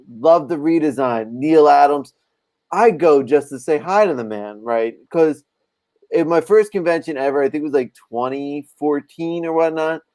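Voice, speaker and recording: A man chatting on a podcast as a comic book artist, telling profane, animated stories. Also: a little high. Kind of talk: casual podcast chat.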